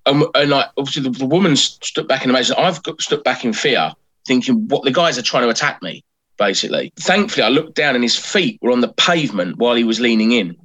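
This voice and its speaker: Fast, bright cabbie telling stories. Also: male voice, mid-range voice. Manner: animated, acts out the people in his stories. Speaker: guest, comedian and taxi driver. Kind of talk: comic storytelling. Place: a room at home. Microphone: home podcast mic.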